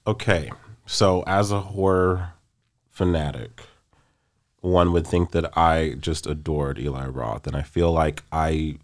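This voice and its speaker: A man co-hosting a movie podcast, talking in a relaxed, rambling way and laughing easily. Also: a bass voice, slow pace. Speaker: podcast co-host. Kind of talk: casual movie review chat.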